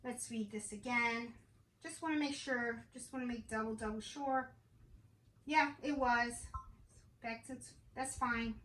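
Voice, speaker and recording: Unhurried and steady-toned, her voice a little high and a bit bright, a woman runs a casual crafting how-to vlog from her home craft room. She talks to viewers and often checks in with "okay?", recorded by a tripod camera in an echoey room with faint noise.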